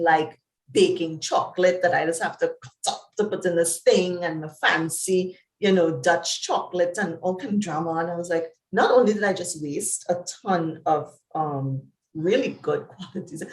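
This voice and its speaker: Trinidadian lady psychologist chatting in an interview, animated storyteller, lots of pitch jumps, echoey room. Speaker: psychologist guest. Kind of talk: conversational interview.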